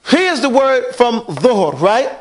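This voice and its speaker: A man speaking slowly with an extremely high pitch and big pitch swings teaches a classroom lesson on Quran recitation. He keeps asking the class questions and drilling them to repeat his words.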